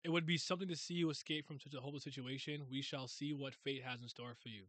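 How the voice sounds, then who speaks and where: A man reading aloud as a cruel, cold male elder of a world government, speaking slowly and with quiet menace. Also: medium pitch, fairly even intonation, no echo, pitched below the performer's own voice, lightly acted. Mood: cold, menacing.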